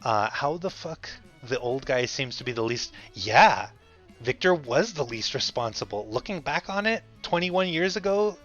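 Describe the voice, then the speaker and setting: A man's voice: mid-range voice, a bit bright. A man streamer telling a story in a casual, rambling way, often correcting himself and chuckling. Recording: slightly dull audio, faint music. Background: faint music.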